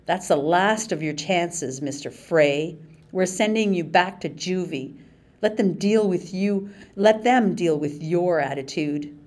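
A woman reading an audiobook, voicing a cold, threatening man on staff in a low, even voice. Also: unhurried, lightly acted. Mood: menacing. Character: harsh menacing male staff man.

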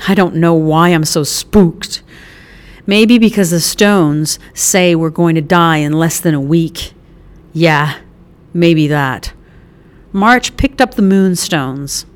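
A woman reading a novel aloud as an audiobook narrator, lightly voicing the characters, with small restarts. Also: fairly low pitch.

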